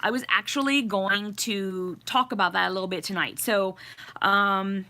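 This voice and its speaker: A woman's voice: medium pitch, normal speed. A middle-aged woman hosting a casual livestream from home, laughing often as she greets viewers and reads their comments. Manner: giggly, chatty, warm greetings to viewers. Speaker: livestream host. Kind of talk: casual live chat reading comments. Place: home with a fireplace.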